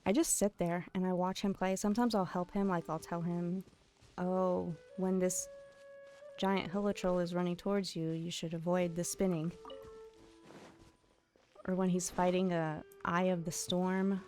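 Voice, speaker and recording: A woman's voice: lowish voice, level tone, measured pace, a little mellow, faint music behind. Chatty young woman streamer. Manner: chatty, giggly, storytelling. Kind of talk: casual chat while gaming on stream.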